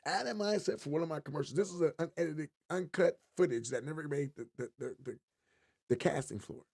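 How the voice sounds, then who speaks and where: A man's voice: fairly high pitch, fast talker, creaky, slightly rough. A man co-hosting a podcast, chatting casually and telling jokey stories with lots of energy. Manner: animated, joking storyteller. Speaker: podcast co-host. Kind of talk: casual chat.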